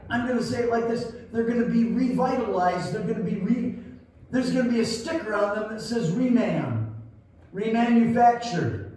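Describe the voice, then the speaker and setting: A man's voice: high voice, a little mellow. A male pastor preaching a sermon, reading scripture in a folksy way and commenting on it as he goes. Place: church sanctuary. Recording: roomy church hall, mic heard from a distance.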